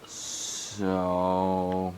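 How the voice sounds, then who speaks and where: A teenage guy with a slight cold rambles through a camping story in a lowish voice. His quoted bits jump up with energy, and a faint ambient hiss sits under a low-quality recording. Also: completely flat delivery, extremely slow, a little mellow. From Arizona, US. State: coming down with a cold. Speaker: vlogger. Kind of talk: casual storytelling.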